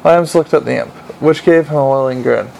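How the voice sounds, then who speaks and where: A man reading a comic fantasy novel aloud in a dry, measured way. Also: mid-range voice, vocal fry, a little mellow, poor audio. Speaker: audiobook narrator. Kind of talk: audiobook narration.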